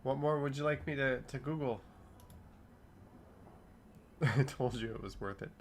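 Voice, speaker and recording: A man's voice: mid-range voice, measured pace, slight background noise. A man in his thirties hosting a casual livestream, reading viewers' comments aloud and riffing on them. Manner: chatty, reads chat comments aloud and riffs on them. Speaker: streamer reading live chat.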